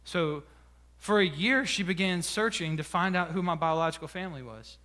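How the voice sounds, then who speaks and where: Man pastor, sermon delivery, personal and emotional, halting restarts, high tenor. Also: sharp tone. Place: church sanctuary.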